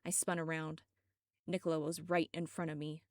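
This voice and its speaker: A woman reading her own story aloud as audiobook narration, steady and dramatic. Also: low-pitched, normal speed, dry recording, clean studio sound.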